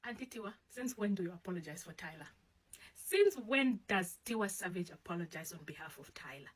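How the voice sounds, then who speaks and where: Emphatic lady, kinda raspy, pitch bouncing all over. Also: big pitch swings, a little fast, low-quality recording. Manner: incredulous, emphatic. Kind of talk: reaction video commentary.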